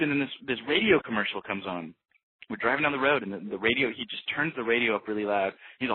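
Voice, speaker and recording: Young guy rambling thru a story, kinda husky, sounds like it's over a phone. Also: mid-range voice, fast talker, no room sound. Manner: rambling, relaxed, full of fillers and restarts. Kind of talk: casual storytelling. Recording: tinny phone-like dry sound.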